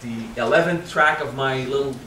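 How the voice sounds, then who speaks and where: A man's voice: mid-range voice, reverberant, distant mic, slight background noise, rough recording. French-accented man teaching a spiritual seminar. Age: 30s. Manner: frank and animated, swears casually, stresses words slowly. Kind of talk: seminar talk.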